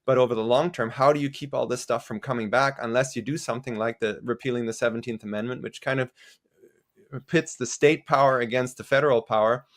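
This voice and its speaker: A male podcast guest lays out political arguments in a thoughtful, unhurried way. He often stops and restarts his phrases, filling the gaps with fillers. His pitch sits in an ordinary middle range. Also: fairly even intonation. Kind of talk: casual political discussion.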